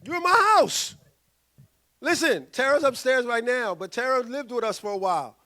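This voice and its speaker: A male pastor, preaching a sermon in an animated way and acting out quoted voices. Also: very high-pitched, normal speed. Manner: animated, acts out quoted voices, loud bursts.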